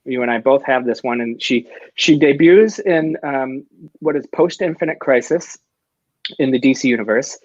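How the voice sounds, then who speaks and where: A man's voice: medium pitch, moderate pace, dry recording. A man hosting a casual comics talk show, talking eagerly and rambling with restarts. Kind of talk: casual chat. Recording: dry, dull lo-fi sound.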